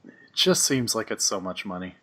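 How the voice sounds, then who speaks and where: A man hosting a casual podcast chat, easygoing, quick to laugh and asking probing follow-up questions. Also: lowish voice, very animated, bright, forceful tone. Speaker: podcast host.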